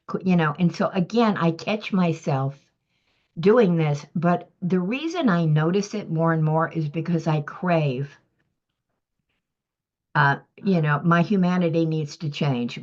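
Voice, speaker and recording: A woman giving an earnest, self-critical testimony in a church group discussion, emphatic and often clearing her throat. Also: fairly low pitch. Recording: muffled lo-fi recording.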